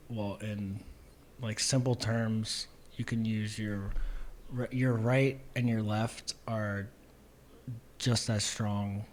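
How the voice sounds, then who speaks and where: On his own podcast, a young man with a lowish voice tells a story casually, with slight background noise in the recording. He rambles in a laid-back way, using lots of fillers and starting over often.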